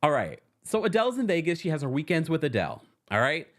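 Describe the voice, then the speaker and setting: A host giving casual pop culture news commentary in a dramatic, animated way, laughing often. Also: medium pitch, fast talker.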